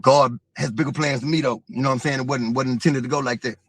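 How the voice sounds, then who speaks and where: Fast-talking husky-voiced man. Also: medium pitch, steady tone, no room sound. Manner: streetwise, profane, vivid storyteller. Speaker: interview guest. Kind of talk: casual storytelling.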